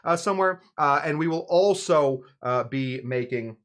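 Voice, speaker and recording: With slight background noise, a man with a slightly high, somewhat bright voice talks at normal speed while hosting a live cocktail stream. It's casual and rambling, self-mocking and packed with fillers and restarts.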